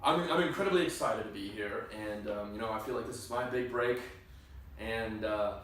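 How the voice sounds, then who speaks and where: A young man playing an eager actor at an audition, talking in hesitant, halting restarts, recorded from a distance in an indoor room. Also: fairly low pitch, fairly bright tone, lightly acted. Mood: nervous eager. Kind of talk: comedy sketch acting. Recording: distant mic, very echoey room, faint hiss.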